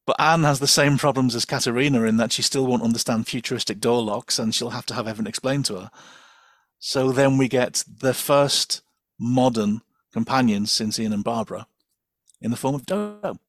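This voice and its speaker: Animated man chatting as a podcast guest. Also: mid-range voice, fairly quick, dry recording, clean studio sound. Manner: animated, digressive, many fillers and restarts. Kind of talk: casual chat.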